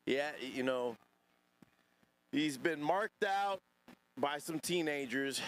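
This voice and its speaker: Male streamer host, loose and profane, rambling chat-reading delivery, average pitch, faint background noise. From Northern California. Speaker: podcast host. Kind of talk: casual livestream chat reacting to chat.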